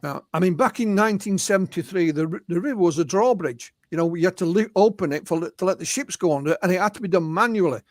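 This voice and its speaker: A man's voice: high voice, fast, hardly any pauses, dry recording, studio quality. A man with an English accent, a guest UFO researcher, telling witness accounts in a storytelling way and often adding "you know". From England. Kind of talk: anecdotal storytelling in an interview.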